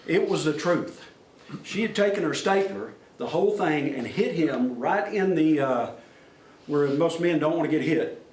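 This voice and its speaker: A middle-aged man with a fairly high, expressive, slightly mellow voice spins yarns a little slowly for a workplace safety meeting, plain-spoken and folksy, acting out the voices he quotes. He is captured from far off in an echoey meeting room with a faint hum behind him.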